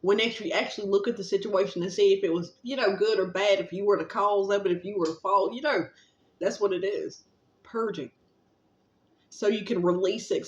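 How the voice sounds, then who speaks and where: A woman vlogger giving a casual, rambling spiritual pep talk, gently encouraging and affectionate, with plenty of fillers and a little casual swearing. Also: medium pitch, a little hiss or hum. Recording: roomy, slightly dull recording.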